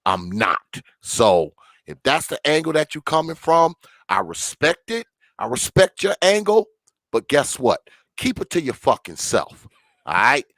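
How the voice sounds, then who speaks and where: A man's voice: on the high side, big pitch swings, a little slow, fairly bright tone, no room sound. An older man, hosting a debate livestream in a profane, combative, emphatic rant. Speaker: debate show host.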